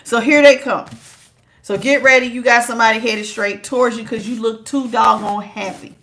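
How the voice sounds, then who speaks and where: A woman's voice: on the high side, moderate pace. A woman giving a live-streamed tarot reading in a chatty, teasing way. She laughs often and calls her listeners child and honey. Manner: lively, teasing, talks straight to viewers. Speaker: tarot reader.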